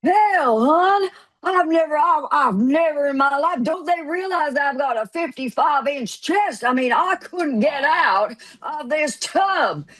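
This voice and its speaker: A woman's voice: high-pitched, very animated, slow pace, hardly any pauses, voice pushed up, exaggerated voice. A woman putting on the voice of an indignant, blustery man complaining that he got stuck in a bathtub. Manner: outraged, exasperated complaining.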